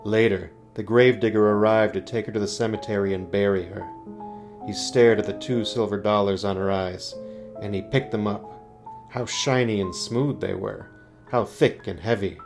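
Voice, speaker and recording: A man reading a scary story aloud, slow and building suspense. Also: fairly low pitch, fairly even intonation, vocal fry, music in the background.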